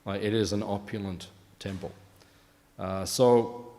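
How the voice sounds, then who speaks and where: A man's voice: on the low side, fairly even intonation, measured pace, mellow, long reverb tail. A man giving a morning scripture class, telling anecdotes in a casual way, full of fillers and "right?" asides. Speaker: class speaker.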